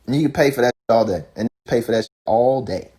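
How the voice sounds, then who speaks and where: A rapper ranting casually, profane and fired up, firing off rhetorical questions. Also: male voice, mid-range voice, brisk, mellow. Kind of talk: casual rant.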